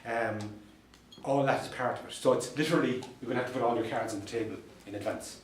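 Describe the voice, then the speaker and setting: An Irish man addresses a room of fellow lawyers, spinning dry-humoured anecdotes with punchlines he repeats for effect. His voice sits at an ordinary middle pitch. He is picked up from some distance in an echoey meeting room, with a faint hum behind him. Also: fast talker. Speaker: solicitor and mediator giving a talk. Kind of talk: anecdotal presentation to a professional audience.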